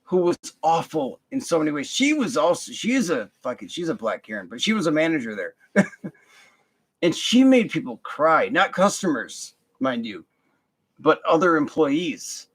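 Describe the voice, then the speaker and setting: A man's voice: on the high side, very animated, normal speed, breathy edge. A young man telling a work story in a casual, profane, rambling rant full of fillers and restarts. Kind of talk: casual ranting monologue.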